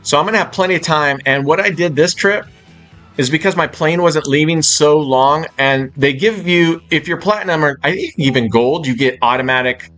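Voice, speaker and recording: A man's voice: on the high side, moderate pace, a bit bright, faint music behind. A man chatting loosely on a live stream from a hotel suite, swearing freely as he rambles. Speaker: casino live-stream host.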